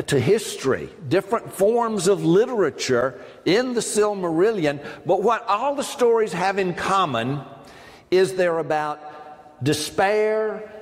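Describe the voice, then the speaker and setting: Man, academic lecture, slightly high voice, unhurried, long hall reverb. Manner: discursive, with frequent ums and asides to the audience. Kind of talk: academic lecture to a live audience.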